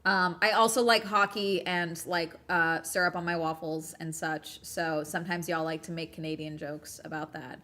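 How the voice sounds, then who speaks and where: Bright-voiced chatty Southern California woman. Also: lowish voice, fairly even intonation, normal speed, few pauses. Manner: chatty, reads chat aloud, frequent ums and likes. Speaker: streamer host. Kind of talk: casual livestream chat.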